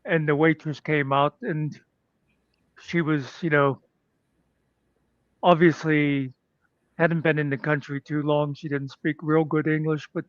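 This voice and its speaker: A man's voice: a little high, no room sound. Rambling crude man, dull dry audio. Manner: rambling joke-teller, crude. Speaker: livestream co-host. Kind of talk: casual chat.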